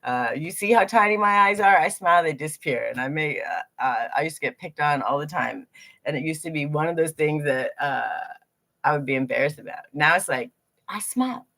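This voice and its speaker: Woman teacher, lowish voice, animated live talk to a group, casual and candid. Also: fairly quick. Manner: animated, acts out inner voices.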